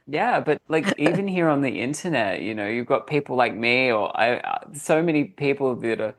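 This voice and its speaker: Gravelly-voiced podcast host. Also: mid-range voice, animated, normal speed. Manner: affirming, laughs along. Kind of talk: casual interview chat.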